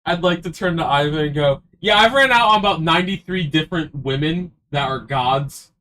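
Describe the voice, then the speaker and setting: A man's voice: a little high, fairly quick, pushed and bright. A man playing a tabletop game, joking and wisecracking in character. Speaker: player. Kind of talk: tabletop role-play.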